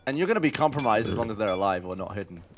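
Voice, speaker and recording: A man in casual group gameplay commentary, giggly, breaking into high laughs and shouting warnings. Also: sing-song, very fast, a little hiss or hum.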